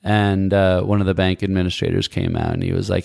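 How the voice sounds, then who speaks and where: A man in his forties with a very low, gravelly voice tells a story from his past in an unhurried, roundabout way, restarting his sentences as he thinks. The sound is close and dry, with no room around it. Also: monotone, a little mellow, no room sound. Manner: reflective, meandering, many restarts. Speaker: guest recalling Peace Corps service. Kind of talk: casual conversational storytelling.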